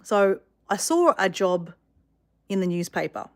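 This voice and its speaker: A woman telling a story to her viewers in a chatty, animated way with many fillers. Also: mid-range voice, a little slow. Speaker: vlogger.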